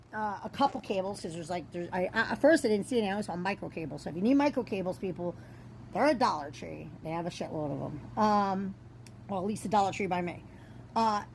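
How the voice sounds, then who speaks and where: A young woman telling a rambling, swear-filled storytime in a casual, animated way. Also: on the low side, slight background noise. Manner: chatty and rambling, swears freely, animated retelling. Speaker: storyteller vlogger.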